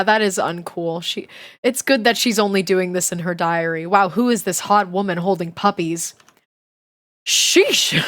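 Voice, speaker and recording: A woman's voice: medium pitch, a bit bright. A young woman streamer reading a children's book aloud, chatty and giggly, breaking off to comment and swear casually. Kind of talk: casual livestream reading and chat.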